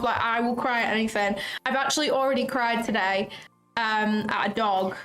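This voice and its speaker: A woman's voice: a little high, a little fast, fairly bright tone. A young woman hosting a casual livestream, chatting in an effusive way and often saying "like" and "um". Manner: chatty and effusive, drops in lots of "like" and "um". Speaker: trading livestream host. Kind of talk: casual livestream chat, reading out viewer comments. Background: faint background music.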